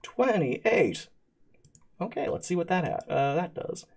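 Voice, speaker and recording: A man narrating as game master of a streamed tabletop game, pausing often with fillers and restarts. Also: sits high, big pitch swings, gravelly. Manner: halting, many fillers and restarts. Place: streaming setup.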